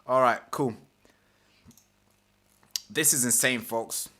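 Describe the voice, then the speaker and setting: A man's voice: medium pitch, takes it slowly, sharp tone. A male host reading an article aloud during a live stream and commenting on it, swearing, repeating himself and putting on mocking voices.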